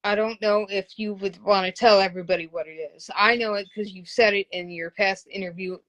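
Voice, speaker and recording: Female interviewer, mid-pitched voice, enthusiastic fan, casual and exclamatory. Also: steady tone, fairly quick, a bit bright. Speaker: interviewer, host.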